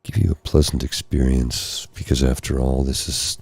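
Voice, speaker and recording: Hoarse, gravelly deep-voiced man speaking softly. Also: steady tone, moderate pace, no echo. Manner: rambling, apologetic, gentle. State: tired. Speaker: ASMR host. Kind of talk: soft-spoken ASMR live stream. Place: candlelit room at home. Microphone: close mic for ear-to-ear speaking.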